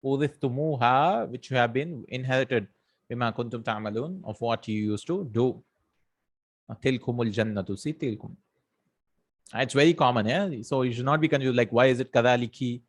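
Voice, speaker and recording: A man explaining Arabic grammar at an ordinary pitch, reciting verses and then unpacking them in English. He pauses with fillers, corrects himself, and keeps asking "right?" and "hmm?" to check the listener is following. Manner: many fillers and self-corrections. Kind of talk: explanatory lesson.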